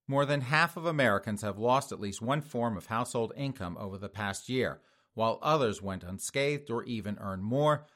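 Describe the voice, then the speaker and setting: A man's voice: medium pitch, fairly bright tone. Sarcastic middle-aged man hosting a show. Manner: mocking, sarcastic, laughs at own jokes. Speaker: podcast host. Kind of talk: sarcastic commentary reading news.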